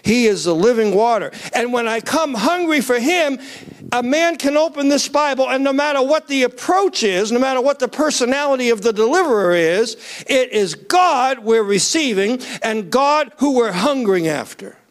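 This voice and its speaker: Male preacher, high-pitched, animated sermon delivery that rises to near-shouts and calls on the congregation. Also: normal speed. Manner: asks the crowd to raise hands.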